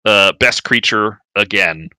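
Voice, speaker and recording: Low-voiced guy breaking down cards, lots of ums and restarts, super dry sound. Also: bright, forceful tone, smooth, no room sound. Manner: halting, with many fillers and repeated words. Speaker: podcast co-host. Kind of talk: casual card game discussion.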